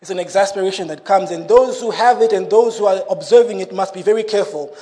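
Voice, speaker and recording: A man preaching a sermon in an animated way, breaking into laughing asides. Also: high-pitched, fast.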